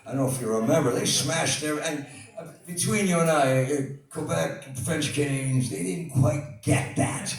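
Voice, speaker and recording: An older man telling a rambling, animated story on stage at a live venue, full of laughing asides. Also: fairly high pitch, moderate pace, creaky. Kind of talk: live anecdote. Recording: echoey hall, distant mic.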